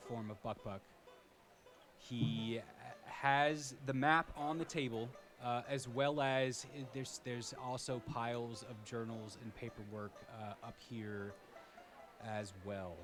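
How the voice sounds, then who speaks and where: A man narrating a fantasy tabletop game as game master, in a loose, rambling way with lots of fillers. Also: fairly low pitch.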